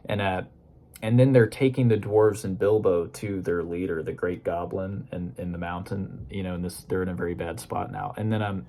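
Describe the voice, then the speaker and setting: A man with a deep, low-pitched voice rambles his way through a book recap. He talks loosely and casually, padding his thoughts with "you know" and "kind of" as he goes. It sounds like an easygoing solo book discussion. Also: fairly even intonation, moderate pace, warm tone. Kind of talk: casual spoken book review.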